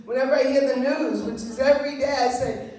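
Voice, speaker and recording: A woman's voice: high voice, fairly even intonation, a little fast, mellow. A woman doing a wry, self-deprecating stand-up set on a club stage. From Long Island, New York. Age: 70s. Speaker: stand-up comedian. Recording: roomy club sound heard from far off.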